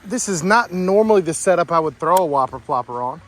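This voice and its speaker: Excitable man fishing outdoors. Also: on the high side, fairly quick, a little hiss or hum. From southeastern Virginia, US. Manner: excitable, exclaims repeatedly. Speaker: fishing vlogger. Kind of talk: casual fishing vlog. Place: outdoors at a pond. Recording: faint music in the background.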